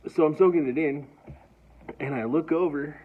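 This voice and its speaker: Man, husky voice, casual rambling storytelling, stammers and restarts, dull lo-fi sound. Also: fairly high pitch, moderate pace. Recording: dull lo-fi recording.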